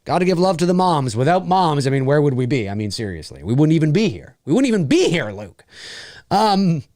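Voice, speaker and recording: A man's voice: a little high, sing-song, fairly quick, darkish tone, no room sound, studio quality. A man from Canada hosting a casual live-stream Q&A, rambling, repeating phrases and reading out viewers' comments.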